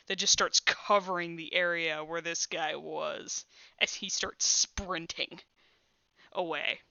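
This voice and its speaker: A woman narrating as game master of a tabletop game, with quick, descriptive narration. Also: lowish voice, pushed and bright, no echo, dull audio.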